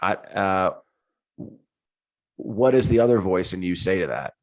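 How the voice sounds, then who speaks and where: A man co-hosting a podcast, friendly and casual, quick to laugh and calling people dude. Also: low-pitched, expressive, low-quality recording. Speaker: podcast co-host.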